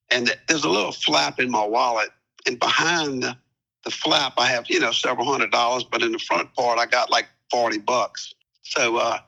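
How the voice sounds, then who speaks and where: An older man, a retired police captain, calmly recounting a past event as an interview guest, with many fillers and repetitions. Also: mid-range voice, gravelly, rough recording. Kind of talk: storytelling interview.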